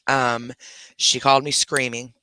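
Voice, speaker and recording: A man hosting a casual livestream from his bedroom at home, telling stories in an animated way and scolding his dogs in between. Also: mid-range voice, measured pace, a little hiss or hum. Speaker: livestream host. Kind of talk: casual live chat.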